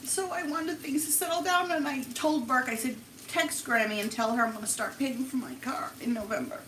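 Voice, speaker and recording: High-voiced woman, far off in an echoey room. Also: fairly bright tone, slight background noise. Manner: emotional, rambling, halting. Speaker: vlogger. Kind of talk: live-stream personal story.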